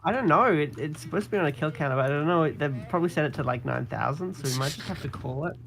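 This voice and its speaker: A man's voice: fairly high pitch, quick pace, gravelly, fairly bright tone. A man playing an online shooter, chatting casually and mocking himself as he plays. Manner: self-mocking, laughing along. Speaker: game player. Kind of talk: casual gaming voice chat.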